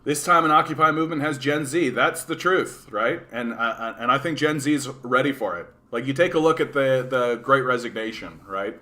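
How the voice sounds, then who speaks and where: A man's voice: mid-range voice, a little fast, few pauses, bright, forceful tone. A man hosting a political livestream, ranting bluntly with lots of swearing, "like" and "right?" while answering chat. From Canada.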